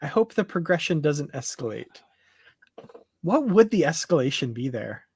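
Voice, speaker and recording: A man co-hosting a live discussion show, chatty and easygoing, laughing often and pausing on fillers. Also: a little high, big pitch swings, darkish tone, husky, dry recording. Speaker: podcast co-host.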